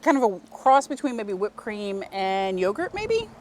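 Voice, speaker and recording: A woman's voice: mid-range voice, very animated, moderate pace. Chatty goofy woman from the American South. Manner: goofy, chatty, laughs easily. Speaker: vlog host. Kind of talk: casual food vlog chat. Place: outdoor tea house seating.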